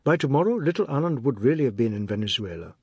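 A man narrator voicing a shaken young man who talks quickly about a rescue. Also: medium pitch, animated, darkish tone, breathy edge, no room sound. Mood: excited. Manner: quick and breathless telling.

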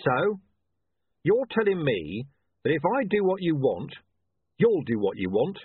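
A man voicing a blunt, irritable middle-aged watch commander who talks in a sharp, demanding way. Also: fairly high pitch, sing-song, a little slow, slightly rough, no echo, pitched above the performer's own voice, full character voice. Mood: curt. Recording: tinny, dry, phone-like sound.

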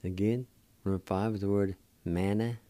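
Dark-toned and on the low side, this middle-aged man's voice holds steady in a recording with no room sound. He patiently teaches words on the radio, spelling and pronouncing them slowly and repeating them deliberately.

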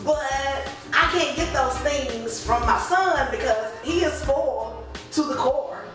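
A woman telling a lively, funny story about her son, quoting him as she goes. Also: sits high, slow pace. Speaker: mother sharing a story. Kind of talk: casual testimony in a church video. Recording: echoey room with music behind.

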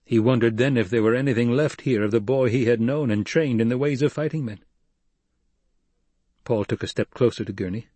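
Brief: male audiobook narrator, measured storytelling, mid-pitched, slightly breathy tone. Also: a little mellow, no room sound.

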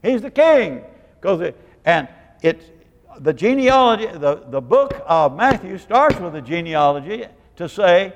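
A man's voice: high-pitched, very animated, measured pace, big-room sound, muffled recording. A man preaching a sermon in a rambling way, searching for words and quizzing his congregation. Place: church hall.

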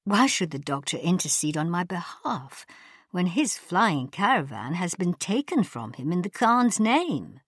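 A woman's voice: lowish voice, sing-song, a little slow, slightly rough, dry recording, clean studio sound, exaggerated voice. A woman voicing a tearful young noble bride-to-be, pleading and wailing. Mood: miserable.

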